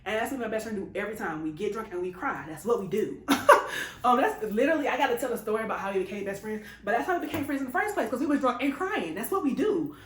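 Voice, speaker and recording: A young woman with a slightly high voice tells a story in a loose, chatty way, swearing freely and breaking into laughs. Her voice bounces around a roomy, echoey space, like a bedroom recorded without treatment. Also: lively intonation, quick pace. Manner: chatty and profane, laughs often. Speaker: storytime vlogger. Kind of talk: casual storytelling. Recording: echoey room.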